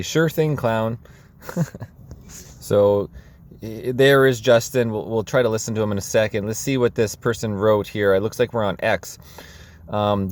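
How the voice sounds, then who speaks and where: A man's voice: fairly low pitch, unhurried, long pauses. A man from Canada, hosting casual political commentary in a sarcastic, rambling way with frequent laughs. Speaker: commentary video host.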